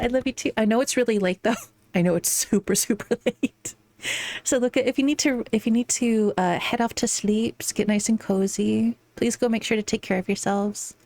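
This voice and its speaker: A woman's voice: medium pitch, moderate pace, darkish tone. A young woman streaming live, chatting casually and affectionately with viewers, giggling and slipping into playful baby talk between tarot readings.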